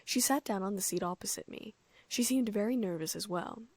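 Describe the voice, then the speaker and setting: A woman reading a first-person fan fiction audiobook in a soft, often near-whispered voice. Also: mid-range voice, brisk, no echo. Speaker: audiobook narrator.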